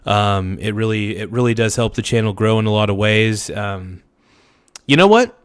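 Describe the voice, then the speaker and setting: A man hosting a casual livestream, slangy and hyped as he thanks subscribers, his voice slightly hoarse. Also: lowish voice, flat delivery, moderate pace, no room sound. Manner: hypes subscribers, slangy and loose. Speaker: livestream host.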